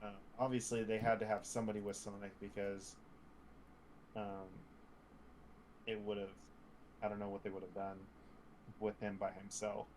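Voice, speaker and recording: Blunt, opinionated man, slightly low voice. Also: flat delivery, darkish tone, slight background noise, poor audio. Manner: blunt, opinionated, quick to interrupt. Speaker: podcast co-host. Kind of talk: casual chat.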